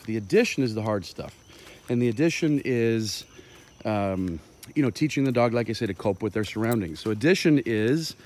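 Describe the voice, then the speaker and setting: A man's voice: mid-range voice, a little mellow. A man, a dog trainer, explaining his methods in a loose, impromptu way on an outdoor walk, thinking aloud with plenty of fillers.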